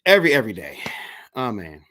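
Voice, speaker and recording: A man hosting a video-call interview, telling a story in a casual, animated way and acting out the people in it. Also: on the low side, fast. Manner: animated, acts out the voices in his stories.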